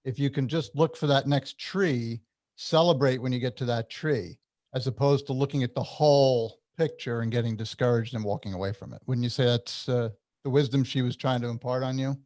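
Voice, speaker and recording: A man hosting an interview, reflecting calmly on what his guest says and asking follow-up questions. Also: medium pitch, fairly quick, no room sound, clean studio sound. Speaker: host.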